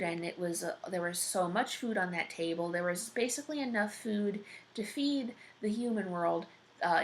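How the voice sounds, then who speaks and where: A woman narrates a homemade fairy-tale parody in loose, rambling fashion, swearing and stopping often for fillers. Her voice sits at an average pitch with a creaky, gravelly fry. A faint hiss sits under the recording. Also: fairly bright tone. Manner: rambling, profane, full of fillers. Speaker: storyteller. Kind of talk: casual improvised story narration.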